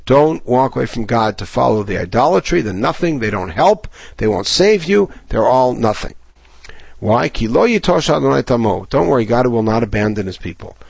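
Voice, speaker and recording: A man's voice: mid-range voice, creaky, slightly rough, dry recording. A man giving a Bible lesson, reading Hebrew verses aloud and then explaining them in English. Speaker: Bible teacher. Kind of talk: recorded Torah lesson.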